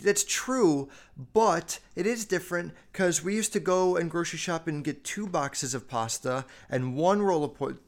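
A young man from the United States talks through a casual podcast monologue. His voice sits slightly high for a man, and he swears freely. His pitch and loudness jump around as he tells his stories. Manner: profane, animated storytelling with quick jumps in pitch and loudness. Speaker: podcast host.

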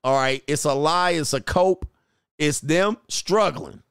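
Man, dating coach, casual livestream banter, mocking jokes, slangy, fairly high voice, dry sound. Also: takes it slowly, fairly bright tone, smooth, dry recording. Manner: joking and mocking, slips into playful impressions and laughs often. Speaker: dating coach and show host. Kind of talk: casual livestream commentary reading viewer comments.

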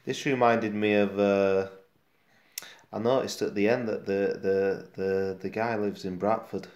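A man with a Yorkshire accent chatting casually about comics as a co-host, relaxed and full of fillers. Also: fairly low pitch, measured pace, lo-fi sound. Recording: roomy echo.

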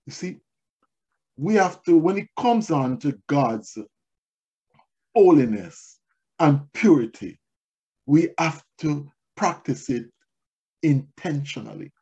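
A male pastor preaching a sermon in a slightly high, breathy voice. He tells stories from his own life and repeats his key words for weight. The recording is dull and lo-fi. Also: lively intonation, slow pace, pauses often, dark tone. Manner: repeats key phrases for emphasis; tells personal stories to make points.

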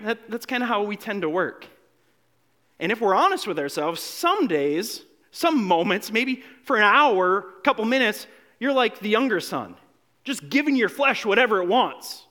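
In a fairly high voice with wide rises and falls, a male pastor delivers a sermon. He gives voice to the passages he reads and swings between loud and hushed, frequently stumbling and repeating a word as he restarts before pushing on.

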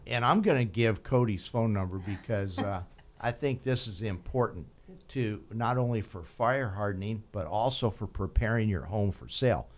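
A man's voice: on the low side, moderate pace, hardly any pauses. A man hosting a local radio talk show, chatty and laughing easily as he tells stories.

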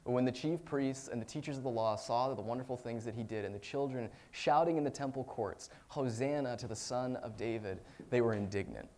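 Male pastor, mid-pitched voice, conversational sermon, shifts between forceful peaks and hushed reflection. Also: a little fast, few pauses. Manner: swings from loud emphatic peaks to quiet, low reflection; conversational, with fillers and self-corrections.

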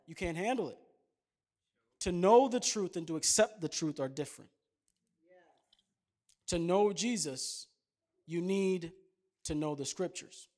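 A man's voice: high voice, normal speed, long pauses, darkish tone. A man in his thirties preaching a sermon, chatting with the congregation in asides and then building to emphatic points. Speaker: pastor.

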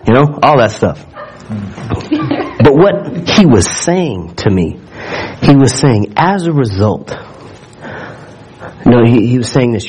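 A man's voice: mid-range voice, sing-song, takes it slowly, long pauses, a little mellow, rough recording. A man preaching a sermon, telling a story with asides and questions to the congregation, often repeating words as he builds up. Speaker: pastor.

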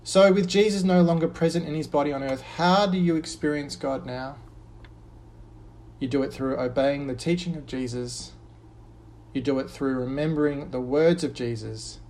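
A man preaching an earnest sermon, lifting his voice on quoted verses and dropping low and soft on a repeated refrain. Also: normal speed, slight background noise.

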